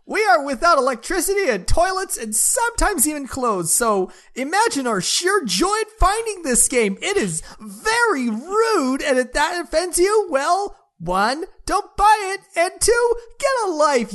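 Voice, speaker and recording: A woman's voice: sits high, big pitch swings, measured pace, hardly any pauses, a bit bright, exaggerated voice. A woman putting on a Welsh accent, playing a chipper, crude woman who reviews games and is rowdy and gleeful. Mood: cheeky. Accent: put-on Welsh. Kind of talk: comic reading of a review in character.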